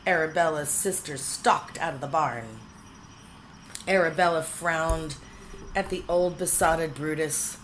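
A woman reading a storybook aloud in a playful, expressive manner. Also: sits low, measured pace, a little hiss or hum, low-quality recording. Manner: playful, expressive, shifting into character voices.

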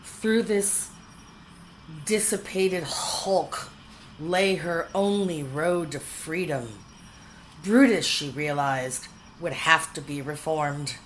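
A woman reading a storybook aloud in a playful, expressive manner. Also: sits low, takes it slowly, slight background noise, poor audio. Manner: playful, expressive, shifting into character voices.

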